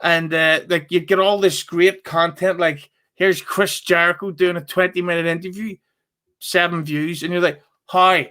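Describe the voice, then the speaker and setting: A man's voice: high-pitched, little pitch movement, normal speed, pushed and bright. A man, a podcast guest who chats casually, swears freely and jokes at his own expense. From Northern Ireland. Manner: swears freely, self-mocking humor. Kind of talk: casual chat.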